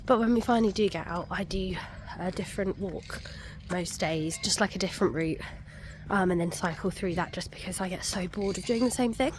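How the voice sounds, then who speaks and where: A woman's voice: on the low side, fairly quick, slight background noise. A young woman, out of breath, chatting casually to camera on a muddy country walk with many ums. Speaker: vlogger. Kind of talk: casual walking vlog.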